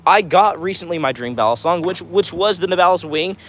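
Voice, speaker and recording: A male livestream host chats casually with his viewers, answering their comments one after another. His voice sits a bit high for a man, and he talks in an upbeat, rambling way. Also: expressive, a little fast, fairly bright tone. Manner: chatty and upbeat, many fillers like "all right".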